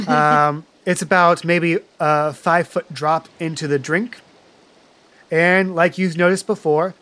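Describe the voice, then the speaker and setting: A man's voice: a little high, a bit bright. Man narrating as game master.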